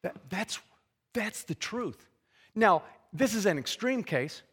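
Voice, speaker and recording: Earnest, fairly high-voiced male preacher. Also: expressive, slow, a bit bright, husky. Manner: earnest, conversational, with frequent restarts and asides. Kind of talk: expository sermon.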